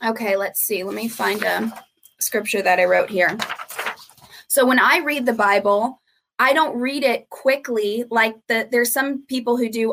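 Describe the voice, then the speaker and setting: A woman's voice: a little high, a little slow, vocal fry, slight background noise. Earnest woman teaching on a podcast. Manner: earnest, steady teaching with repeated emphasis. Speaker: ministry founder, guest.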